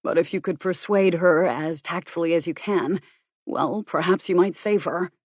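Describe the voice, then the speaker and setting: A woman's voice: on the low side, moderate pace, darkish tone, breathy edge, dry recording, studio quality. A woman reading as a grave, worried man. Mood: persuasive.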